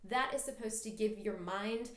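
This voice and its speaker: A woman's voice: medium pitch, normal speed, roomy sound. Patient woman coaching flute practice. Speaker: flute teacher. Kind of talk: instructional music lesson.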